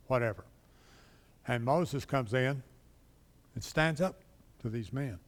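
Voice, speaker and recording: Taking it slowly, with long pauses and slight background noise, a mid-range male voice leads a casual Bible class. In the church classroom's long hall reverb he chats, quizzes the class, and acts out quotes.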